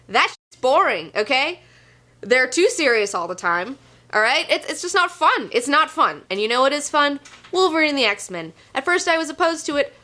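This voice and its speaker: Bright, gushing young woman host. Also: high voice, very animated, normal speed. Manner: gushing, profane, rambling with fillers. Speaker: comic book show host. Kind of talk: casual enthusiastic review monologue.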